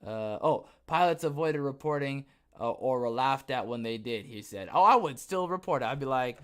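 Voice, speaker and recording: A man's voice: medium pitch, lively intonation, moderate pace, hardly any pauses, clear, resonant tone. A young adult man hosting a podcast, reading news aloud and breaking off into sarcastic asides, with many fillers and restarts. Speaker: podcast host.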